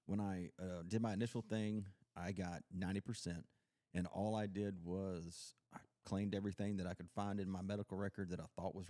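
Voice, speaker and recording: Low, dark-voiced man rambling. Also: no room sound, studio quality. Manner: rambling, storytelling, frequent fillers and restarts. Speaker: podcast host; Coast Guard veteran. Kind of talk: casual chat.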